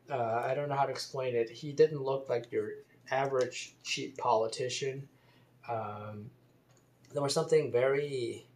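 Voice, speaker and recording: A man talking alone in a rambling monologue, halting with many ums and uhs, hedging, spelling out words and reading a news story aloud. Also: mid-range voice.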